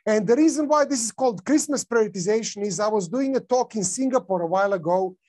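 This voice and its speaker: A man's voice: sits high, quick pace, darkish tone. A man with a non-native English accent giving a conference talk, casual, with many fillers and restarts. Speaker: conference speaker.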